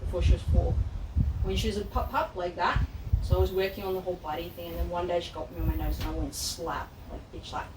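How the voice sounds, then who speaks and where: An Australian woman working as a dog trainer, chatting casually with a client and acting out lively anecdotes. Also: fairly low pitch, fast talker. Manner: animated storyteller, acts out voices in anecdotes. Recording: roomy echo, distant mic, background noise.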